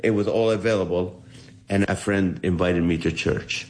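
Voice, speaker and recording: A comedian from the Middle East with a slightly low voice recounts his life in an interview. He tells it with animation and slips into the voices of the people he describes. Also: fairly even intonation, normal speed, slight background noise. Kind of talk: storytelling testimony in an interview.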